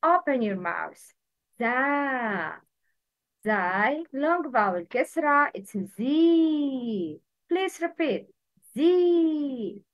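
Slow, careful woman teacher. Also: sits high, animated, no echo, highs cut off. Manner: slow, careful drilling with repeated prompts. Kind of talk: Arabic letter pronunciation lesson.

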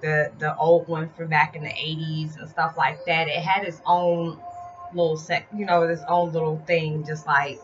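A woman's voice: deep voice, flat delivery, normal speed, slight background noise. A woman talking casually and confidingly to her channel about spiritual matters, in a rambling, heartfelt way. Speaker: vlogger. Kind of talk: casual spiritual vlog talk. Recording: slightly dull lo-fi sound with music behind. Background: music.

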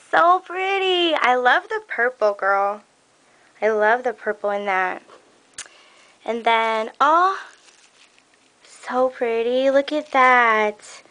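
High, bright-voiced woman gushing over gifts. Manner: gushing, excited, many gasps and laughs. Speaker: crafting vlogger opening a swap package. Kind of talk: casual unboxing chat.

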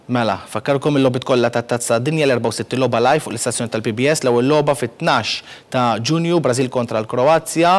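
A man hosting a live sports television programme, talking callers through a quiz in a brisk, courteous way. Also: mid-range voice. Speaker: TV sports show host. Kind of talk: live phone-in quiz chat.

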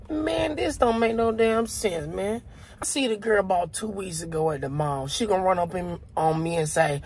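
A man telling a comic story in an animated, profane way, with sound effects and asides. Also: high-pitched, moderate pace, creaky. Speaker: comedian.

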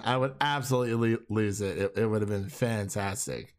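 A man's voice: on the low side, a little fast, few pauses. A young man co-hosting a casual film chat, rambling with many restarts and frequent laughter. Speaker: film podcast co-host.

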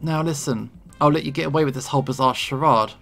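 A man's voice: a little high, fast talker, vocal fry, fairly bright tone, faint music behind. A man reading out the lines of a smug, scheming male bully in a game, in a mocking, gloating manner. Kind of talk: reading game dialogue aloud.

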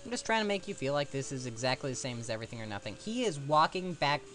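A man's voice: mid-range voice, sing-song, fast, sharp tone. A man giving casual let's-play commentary, rambling and mocking himself as he plays. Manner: rambling, self-mocking asides.

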